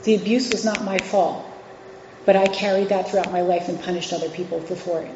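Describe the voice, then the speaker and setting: Guest-speaking at a meeting, a forty-something woman with roots in New York City and Virginia gives a frank recovery share, often using fillers and starting over. She talks fairly quickly in a steady, mid-range, darkish voice. Slight background noise, hall echo, and a dull lo-fi quality mark the recording.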